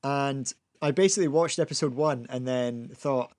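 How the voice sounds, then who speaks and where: A man's voice: medium pitch, moderate pace, darkish tone. Chatty male podcast co-host. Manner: chatty, laughs often, repeats words as he restarts. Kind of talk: casual podcast chat.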